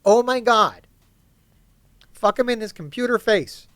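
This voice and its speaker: A man giving casual gameplay commentary to his chat, swearing often and ranting excitedly about characters. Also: high-pitched, measured pace, no echo. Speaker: gaming YouTuber.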